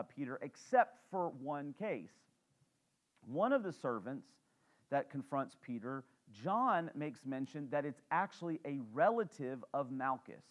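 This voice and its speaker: A male pastor teaches the congregation through a sermon. His delivery is relaxed and conversational, full of small fillers and restarts. He often turns to the room with questions. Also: medium pitch. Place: church.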